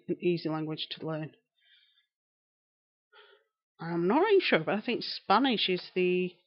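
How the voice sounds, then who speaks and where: Chatty Yorkshire woman, lo-fi stream. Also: fairly low pitch. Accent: Northern English, Yorkshire. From England. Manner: chatty, rambling, answering viewers' comments while knitting. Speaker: live-streaming writer and knitter. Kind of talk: casual live-stream chat. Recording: slightly dull lo-fi stream audio.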